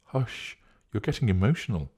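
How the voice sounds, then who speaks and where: A man's voice: fairly low pitch, very animated, normal speed, darkish tone, breathy edge, pitched above the performer's own voice. A man reading a story, voicing a younger woman who brushes off worry on the phone. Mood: breezy.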